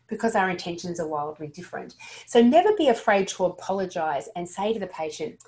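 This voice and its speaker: In a lowish, expressive voice with a warm tone and brisk pace, a woman gives dental practice staff an earnest, practical lesson. She sometimes stumbles and restarts her sentences during this instructional talk.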